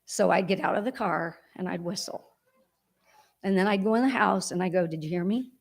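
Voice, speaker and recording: Woman doing a eulogy in church, bit of fry in her voice, heartfelt and rambly. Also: medium pitch, moderate pace. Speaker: daughter giving a eulogy. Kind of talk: personal eulogy at a memorial service.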